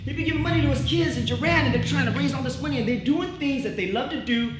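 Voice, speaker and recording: A middle-aged man speaks from a theatre stage in a casual, heartfelt way, hammering his points with repetition. The hall rings with echo, and a steady live-room noise sits under him. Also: very high-pitched, quick pace. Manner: emphatic, repetitive, casual street talk. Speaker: speaker at a tribute show.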